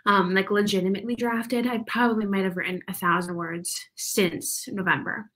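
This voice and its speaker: Hosting writing sprints on a livestream, this woman speaks at a moderate pace in a steady, medium-pitched, somewhat bright voice. She reads live comments in a relaxed chat, slightly out of breath, laughing often and leaning on "like."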